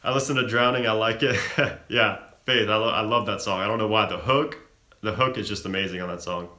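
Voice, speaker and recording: A man's voice: on the low side, a little fast, bright, forceful tone, echoey room. A young man hosting a live stream, reading out viewer questions from chat and answering them casually. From Florida-born, raised in Chicago.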